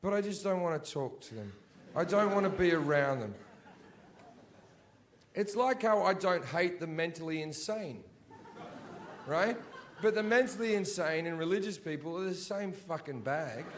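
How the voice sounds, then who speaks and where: Stand-up comic, man, high-pitched, crude, ranting, stage mic in a theater. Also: expressive, normal speed, pauses often, a little hiss or hum. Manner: crude, profane ranting with rising shouts. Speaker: stand-up comedian. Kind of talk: stand-up comedy. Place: theater stage before a live audience.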